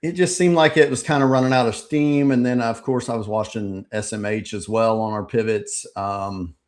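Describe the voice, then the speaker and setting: Low-voiced man recapping trades casually. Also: normal speed. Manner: relaxed, rambling, frequent ums and uhs. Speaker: trading channel host. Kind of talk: casual live market recap.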